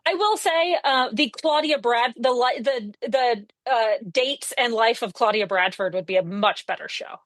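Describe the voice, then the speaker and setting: A fairly high-voiced woman co-hosting a comedy podcast, eager and talkative, who trips over restarts as she works up to a point. The recording is close and dry. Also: dry recording. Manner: enthusiastic, halting restarts, pitch leaps up when excited. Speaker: podcast co-host. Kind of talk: casual comedic chat.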